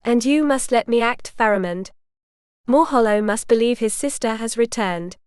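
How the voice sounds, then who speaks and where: A woman's voice: on the high side, normal speed, darkish tone, clean tone, no echo, clean studio sound, natural voice. A woman voicing a young noblewoman who speaks in a resolute, guarded way, in a storybook reading.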